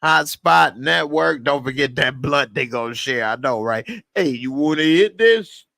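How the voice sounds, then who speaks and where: A man casually reviewing a TV episode in a vlog, animated and laughing often. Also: medium pitch, unhurried, vocal fry, no echo. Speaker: TV show reviewer.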